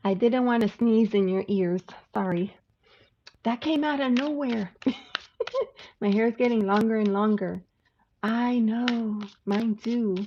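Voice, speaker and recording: A woman's voice: a little high, a little slow, long pauses. A woman hosting a live tarot stream, chatting casually with viewers and laughing often. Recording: slightly dull lo-fi sound with faint noise.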